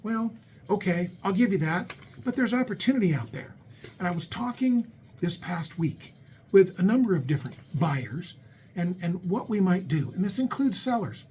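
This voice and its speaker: Chatty radio host, man, fairly high voice. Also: darkish tone, a little hiss or hum. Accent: American. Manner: chatty, folksy, repeats words when restarting. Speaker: radio show host and real estate agent. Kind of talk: talk radio monologue. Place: radio studio.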